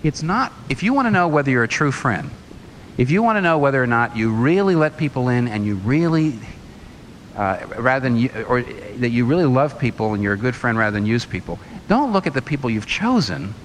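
A man's voice: medium pitch, expressive, a little fast, a little hiss or hum, poor audio. A man preaching a sermon, firing rhetorical questions and telling a story.

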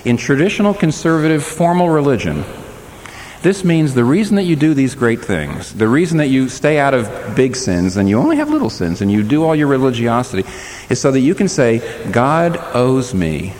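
A man preaching a sermon as pastor, talking to his congregation with animated delivery and shifting into the voices of the people he quotes. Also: brisk. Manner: animated preaching, voices quoted speakers with sharp pitch swings. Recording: reverberant hall, faint background noise.

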